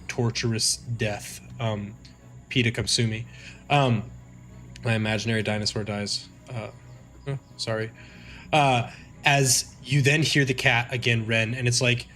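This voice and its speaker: A man's voice: medium pitch, a bit bright. A man narrating as game master of a tabletop game stream, casual and rambling with fillers and restarts.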